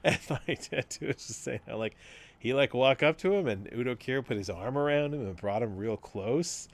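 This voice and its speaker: A man's voice: medium pitch, normal speed. A man co-hosting a podcast in casual chat, telling a rambling story with frequent laughs and casual swearing. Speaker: podcast co-host.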